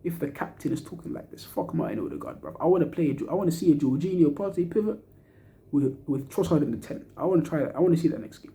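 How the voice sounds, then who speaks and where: A man's voice: on the high side, expressive, fast, warm tone. A young man, ranting angrily about a football match, swearing and using street slang. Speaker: football fan reacting to a match. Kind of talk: angry post-match fan rant.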